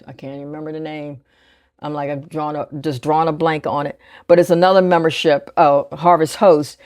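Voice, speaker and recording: A woman in her sixties with a deep, low-pitched speaking voice talks casually through her budget, counting bills softly as she goes. The sound is close and dry, with no room around it. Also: no echo. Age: 60s. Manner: chatty, thinks aloud, counts bills under her breath. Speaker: budgeting vlogger. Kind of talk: casual chat while cash stuffing.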